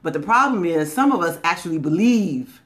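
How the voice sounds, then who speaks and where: A woman's voice: on the low side, expressive, a little fast. A woman giving a motivational talk in a conversational, folksy way. She is emphatic and repeats key phrases, drawing them out. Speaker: motivational speaker.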